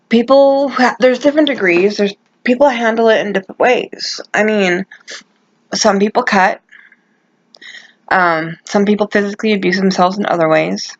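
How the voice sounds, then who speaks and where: A woman's voice: medium pitch, lo-fi sound. A woman talking straight to camera in a personal vlog, passionate and emphatic, often restarting her sentences. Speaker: vlogger.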